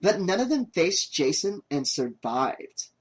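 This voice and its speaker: A man's voice: high voice, sing-song, unhurried, slightly rough, heavily acted. A man voicing a pushy, short-tempered young woman who makes documentaries, in a raised, exasperated voice. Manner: exasperated, snappy.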